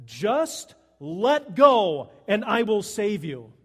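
A man voicing God in a story, slow, measured and commanding. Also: high voice, very animated, a bit bright, slightly rough, big-room sound, full character voice. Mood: calm. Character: calm male voice of God.

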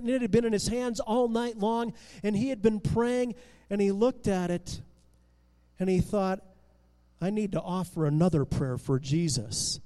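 A man with a high voice tells a Bible story with lively, expressive drama, stumbling into restarts as his loudness rises and falls. A long reverb trails his voice.

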